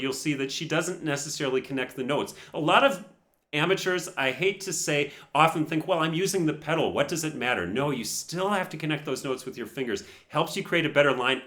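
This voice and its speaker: A man's voice: mid-range voice, sharp tone. Analytical man explaining piano technique. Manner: analytical, frankly opinionated, hums melodies to demonstrate. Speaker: piano teacher reacting to a performance. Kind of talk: explanatory reaction commentary.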